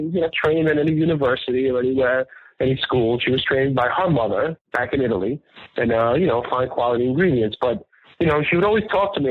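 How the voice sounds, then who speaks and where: A man's voice: medium pitch, breathy edge, no room sound. A man, a restaurant owner telling family stories earnestly and with animation as a radio interview guest. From New York, the Bronx. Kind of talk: casual interview storytelling. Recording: tinny phone-line radio call, dry.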